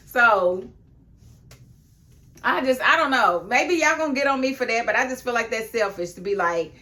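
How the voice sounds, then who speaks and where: A woman giving a casual video review of a TV episode, talking emphatically and laughing often, then dropping into a lower, confiding tone. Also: moderate pace. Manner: emphatic and animated, with frequent laughs; chatty, drops into a low, confiding tone.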